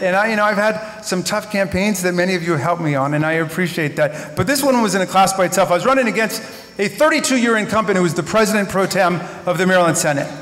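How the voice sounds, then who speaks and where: A man's voice: sits high, a bit bright. A man in his fifties giving a memorial tribute speech in a large synagogue hall, telling stories earnestly with wry humor. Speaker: eulogist. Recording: echoey hall with long reverb.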